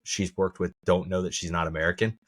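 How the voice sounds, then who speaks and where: A man with a lowish voice chats casually on a podcast. He laughs a lot, repeats words and restarts his thoughts as he goes. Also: steady tone, fast talker. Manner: laughs often, stammers and restarts. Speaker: podcast co-host. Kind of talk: casual chat.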